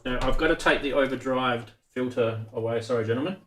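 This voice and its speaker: A man's voice: medium pitch, fast, fairly bright tone. A man hosting a live stream about synth modules, chatting casually and rambling with many restarts. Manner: rambling, self-interrupting, chatty.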